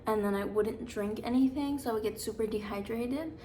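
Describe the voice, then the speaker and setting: A young woman in her twenties tells stories from her life to the camera in a loose, chatty way. She fills her sentences with fillers and plays up the drama. Her voice sits a little high. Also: brisk, dark tone, a little hiss or hum. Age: 20s. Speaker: vlogger. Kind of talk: casual storytelling.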